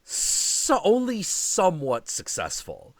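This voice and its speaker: A man's voice: sits high, takes it slowly, no room sound. A man hosting a stream, telling stories in a casual chat and acting out quotes, swearing freely. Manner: animated storytelling with profanity and acted-out quotes. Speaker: stream host.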